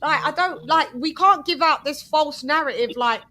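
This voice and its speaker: A bright, fairly high-pitched woman runs a casual chat panel. She presses her guests with quick questions and argues her point firmly, often talking over them. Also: low-quality recording. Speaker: host of a boxing panel show.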